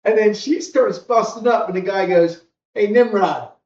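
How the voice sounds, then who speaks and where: Male podcast co-host, lively storyteller, slightly high voice, muffled roomy recording. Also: normal speed, far from the mic. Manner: rambling, animated storyteller who acts out other people's lines. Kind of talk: casual storytelling chat.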